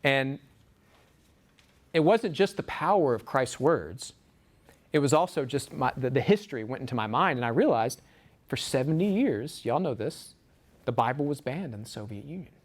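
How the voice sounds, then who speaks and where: A man giving a lecture to a small group, animated, acting out quotes from the book. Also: mid-range voice, moderate pace. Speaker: speaker. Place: room with a small audience. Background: audience laughter.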